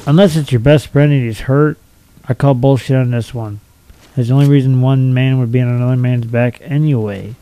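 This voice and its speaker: A young man reads out a list of strange laws and tears into each one with crude, mocking commentary. His voice sits at a middling pitch with a mellow, dark tone. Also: steady tone, a little fast, rough recording. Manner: blunt, profane and mocking. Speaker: video commentator. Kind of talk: reading out and ranting about silly laws.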